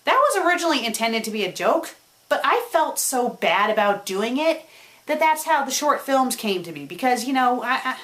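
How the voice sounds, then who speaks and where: A high-pitched woman with a moderate pace answers viewers' questions for her web show in a casual vlog. Her delivery is animated, swinging between excited and subdued, and she repeats words whenever she stumbles.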